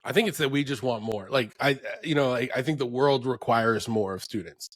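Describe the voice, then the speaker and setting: A man's voice: mid-range voice, fairly quick, dry recording. Guy in his 30s, chatty educator on a podcast, laughs a lot, dead dry sound. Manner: animated storyteller, lots of fillers and laughs. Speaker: educator and homeschooling parent, podcast guest. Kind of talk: casual podcast conversation.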